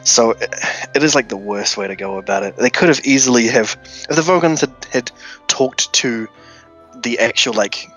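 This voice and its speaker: A man co-hosting a podcast in casual chat, talking haltingly with frequent stumbles and restarts. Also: mid-range voice, a bit bright, faint music behind, low-quality recording. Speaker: podcast co-host.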